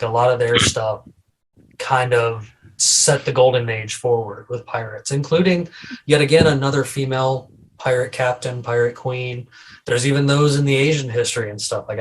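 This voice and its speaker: A man's voice: medium pitch, rough recording. A man hosting a casual podcast, talking loosely with repeated words and restarts. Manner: rambling, repeats words, tells corny jokes. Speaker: podcast host.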